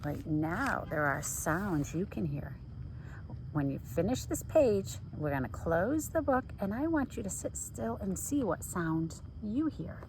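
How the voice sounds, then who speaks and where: A woman's voice: on the low side, sing-song, measured pace, background noise. A woman teacher reading a picture book aloud to children, playfully mimicking the sound effects.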